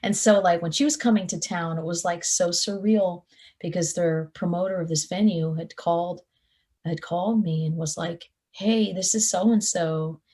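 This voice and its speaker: A woman's voice: fairly low pitch, moderate pace. A young adult woman, a touring guitarist, chatting in an interview and acting out the people in her stories. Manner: animated storyteller, acts out quotes. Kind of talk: casual interview chat.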